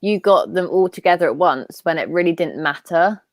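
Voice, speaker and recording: A woman's voice: on the low side, expressive, normal speed, dry recording, studio quality. A young Welsh woman sharing firm, thoughtful opinions in a casual book chat. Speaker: book club co-host.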